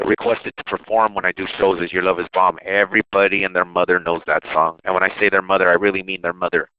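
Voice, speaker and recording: A man's voice: low-pitched, clear, resonant tone, dry recording, narrow, tinny audio. A man, a rapper and producer, telling stories about his songs in a loose, rambling interview. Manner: loose, rambling, with restarts and laughs. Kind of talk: casual interview storytelling.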